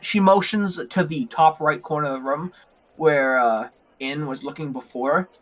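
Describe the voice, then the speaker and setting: A man's voice: a little high, moderate pace, a bit bright. A young man narrating as game master in a rambling, giggly way full of fillers.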